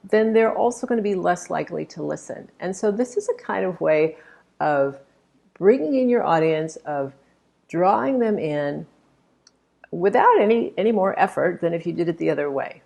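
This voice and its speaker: A woman's voice: lowish voice, expressive, moderate pace, gravelly, darkish tone. A woman speech coach critiquing a talk, explaining points in an emphatic, demonstrative way. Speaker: public speaking coach.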